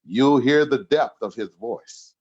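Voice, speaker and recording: A man in his sixties, a podcast guest, speaks slowly in a medium-pitched, slightly mellow voice, with slightly muffled sound. An easygoing joker, he laughs through his stories in a casual storytelling interview.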